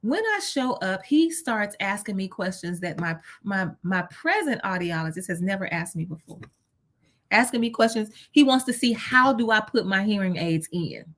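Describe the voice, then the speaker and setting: Animated woman telling a story. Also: medium pitch, normal speed. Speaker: host. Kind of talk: personal storytelling.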